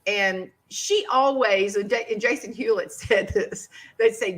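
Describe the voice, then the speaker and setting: Lady hosting a chat, bright tone, laughs a lot and acts out everyone in her stories. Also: mid-range voice, normal speed. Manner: animated, laughing, acts out quoted voices. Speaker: podcast host. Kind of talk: casual storytelling chat.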